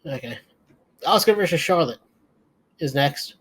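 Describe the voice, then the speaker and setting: His slightly high voice is expressive, a bit bright, and husky, moving at a moderate pace. He's a podcast co-host offering a drowsy, foul-mouthed, meandering rundown of a wrestling show in casual conversation.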